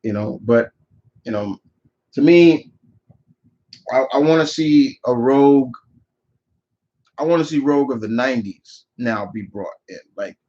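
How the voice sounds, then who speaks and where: A man's voice: medium pitch, unhurried, pauses often, mellow, muffled recording. A man hosting a live viewer Q&A, giving opinionated answers that ramble with frequent restarts. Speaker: channel host answering viewer questions. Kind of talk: live Q&A chat.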